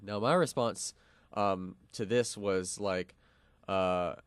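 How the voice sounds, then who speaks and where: A man's voice: fairly low pitch, slow pace, clear, resonant tone, dry recording. A young man co-hosting a college radio show, explaining a philosophical argument with lots of fillers and restarts. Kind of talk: casual philosophical discussion.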